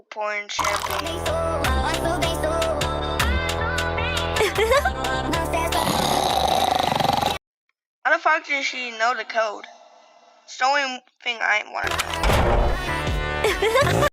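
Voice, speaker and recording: A young woman giving profane, mocking commentary as she reacts to a video, swearing constantly and laughing often. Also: sits high. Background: loud music from the video she reacts to.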